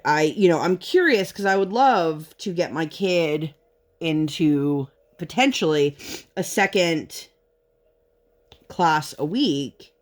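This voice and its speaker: A woman's voice: sits low, expressive, slow. A woman talking casually to her viewers while she works on a craft project. She rambles through a parenting story, drifting into tangents and then pulling herself back on track. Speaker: vlogger and parent.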